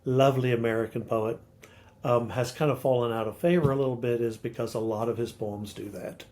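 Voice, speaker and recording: A man's voice: medium pitch, steady tone, brisk, a little mellow. An older man with a mid-range voice holds forth as a literature scholar on a chatty podcast. He explains poetic terms with patient teacherly care. He often asks rhetorical questions and taps out the beat of a line as he reads it. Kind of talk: casual explanatory chat.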